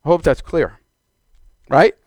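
A man preaching a sermon, moving from quiet, measured teaching to loud, exclaimed calls to the congregation. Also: a little high, lively intonation, dry recording.

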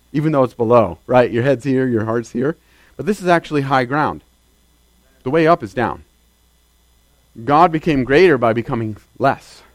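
Guy preaching a sermon, kinda high voice, chatty, lots of "right?" questions, dry close sound. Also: dry recording. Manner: conversational preaching with rhetorical questions and sudden emphatic rises.

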